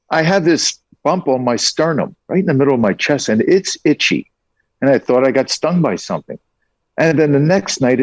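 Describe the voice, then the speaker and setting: A man's voice: medium pitch, no echo. An older man as an interview guest, telling stories with enthusiasm. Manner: enthusiastic storyteller. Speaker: guest, entrepreneur. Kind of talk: conversational interview.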